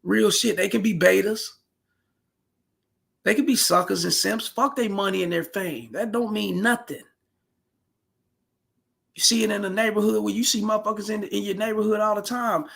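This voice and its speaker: A man's voice: high-pitched, steady tone, normal speed, vocal fry, pauses often, a bit bright, husky. A man ranting casually on his vlog, blunt and profane, full of slang and repetition. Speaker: commentary vlogger. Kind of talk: casual commentary rant.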